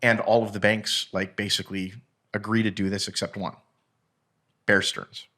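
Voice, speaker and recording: A man with a fairly low voice holds forth as a podcast guest, telling a long story in casual chat. He rambles, swears freely and trips into restarts and fillers, then picks the thread back up. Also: moderate pace. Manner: rambling, animated, profane, many fillers and restarts.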